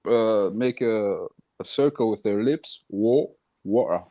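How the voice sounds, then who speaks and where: A man's voice: fairly low pitch, measured pace, dark tone, no room sound. A man, defending himself with exasperation and casual swearing in banter on a live stream.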